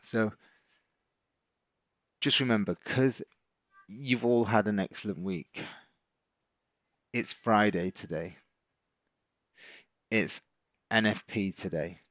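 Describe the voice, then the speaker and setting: A man's voice: on the low side, slow, pauses often, fairly bright tone, no echo, dull audio. A middle-aged man, hosting a live stream as a trading coach, chatting casually and encouraging viewers as he reads out their comments.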